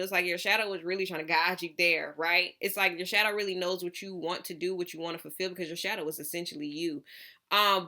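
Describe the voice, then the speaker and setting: A tarot reader gives a casual channeled reading, rambling with lots of fillers and calling the viewer honey. Her voice is lowish, pushed and bright.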